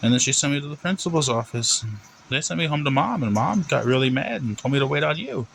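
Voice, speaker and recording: A man doing a confused little boy, high and earnest. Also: expressive, quick pace, gravelly, fairly bright tone, a little hiss or hum, poor audio. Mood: bewildered. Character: confused seven-year-old boy, innocent and earnest.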